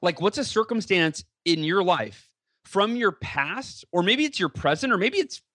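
A man telling a personal story as a podcast guest, earnest and animated, with many fillers and restarts. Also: high voice, moderate pace, no room sound. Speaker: guest speaker.

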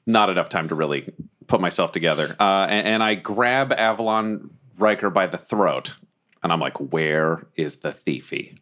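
A man playing a tabletop game, describing his character's actions in a halting way with stammering restarts. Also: low voice, a bit bright. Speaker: player. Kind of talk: tabletop role-play.

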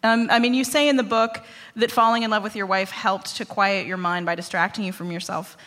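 A woman's voice: mid-range voice, level tone, fairly quick, a bit bright, in a large hall. A woman interviewing an author, asking questions in a hesitant way with fillers and restarts. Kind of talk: interview conversation.

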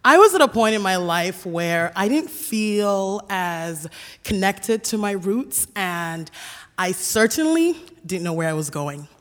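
A woman from Sierra Leone telling a personal story live on stage, slow and reflective. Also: mid-range voice, animated, big-room sound. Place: stage in a hall.

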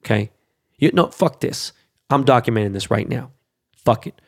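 A man's voice: medium pitch, expressive, moderate pace, creaky. A middle-aged man talking in a casual, rambling monologue, swearing a lot and filling his talk with fillers. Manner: profane and emphatic, full of fillers. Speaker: vlogger.

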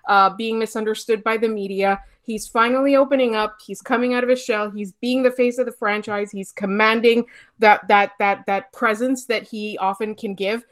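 Animated woman from Montreal. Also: a little high, faint music behind. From Montreal, Quebec. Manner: animated, many fillers, rapid restarts. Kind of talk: casual opinionated chat.

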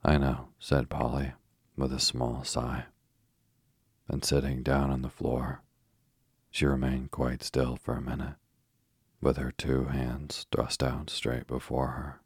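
A man narrating a bedtime story in a calm, unhurried way. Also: a bass voice, creaky, slightly rough, no room sound, clean studio sound.

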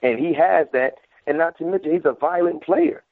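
A man's voice: a little high, normal speed, no echo. A man, a former football player, giving casual sports analysis over the phone and acting out trash talk with energy. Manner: animated, mimics trash talk. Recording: tinny phone line.

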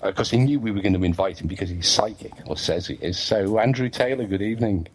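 A man's voice: fairly low pitch, fast talker, slightly rough. A male podcast host from England, chatting casually and teasing his co-host and guest with dry humor. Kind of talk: casual chat.

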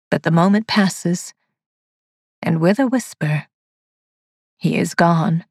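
Slow, low-voiced woman narrator. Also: darkish tone, no room sound, studio quality. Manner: measured and deliberate. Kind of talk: scripted story narration.

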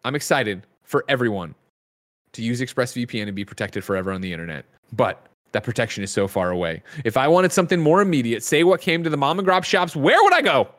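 Lively man hosting a games news show. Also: mid-range voice. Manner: lively, rattles off release lists with quick asides. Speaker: host. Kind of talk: casual video game news show.

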